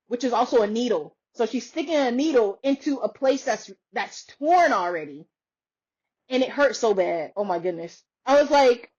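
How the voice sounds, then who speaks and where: A woman's voice: a little high, moderate pace, husky. A woman podcaster in a casual chat, telling a story with lots of laughter and acting out what others said. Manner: animated, laughs often, acts out quoted voices. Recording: dull lo-fi sound.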